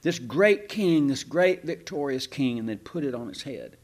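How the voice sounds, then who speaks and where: A man preaching a sermon in a folksy, animated way, with sarcastic asides to the congregation. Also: mid-range voice, normal speed. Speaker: pastor.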